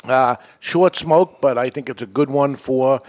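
A man's voice: mid-range voice, measured pace, darkish tone. A man co-hosting a cigar podcast, explaining a cigar's tobacco plainly in casual chat. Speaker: podcast co-host.

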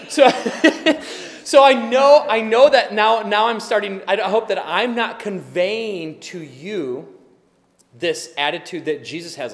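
A man preaching a sermon as pastor, impassioned and building to emphatic, forceful delivery. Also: high voice, slow, long reverb tail.

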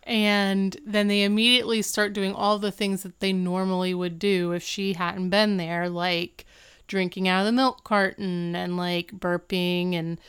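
A woman co-hosting a casual chat, retelling a TV episode with lots of "like" and dry deadpan asides. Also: mid-range voice, unhurried, clear, resonant tone. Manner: chatty, filler-heavy retelling with frequent "like". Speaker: podcast co-host recapping a TV episode.

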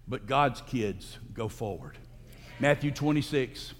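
A male pastor giving a sermon in a church sanctuary, preaching emphatically and breaking into loud, high outbursts. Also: lively intonation, slow. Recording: long hall reverb.

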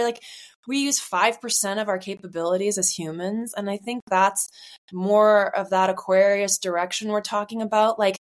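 Woman co-host in her 40s, casual chat, meandering and reflective, middle pitch. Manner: rambling, reflective, many fillers. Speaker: podcast co-host. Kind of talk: casual conversation.

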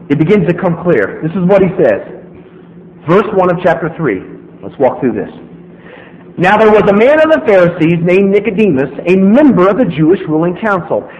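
Animated preacher in an echoey hall. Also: male voice, high-pitched. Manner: animated, acts out quotes in a casual voice. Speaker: pastor. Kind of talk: sermon. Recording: echoey hall, slightly dull sound.

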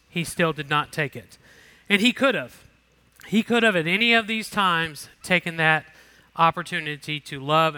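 Man, Bible lesson teacher, fairly high voice, very bright sharp tone, casual commentary. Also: clean tone. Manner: conversational, reads scripture then comments casually.

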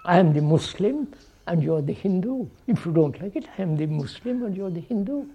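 A man's voice: high-pitched, expressive, a little fast, husky, lo-fi sound. A man giving a reflective public talk to an audience, posing questions and repeating phrases, often checking with "right?". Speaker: speaker addressing an audience.

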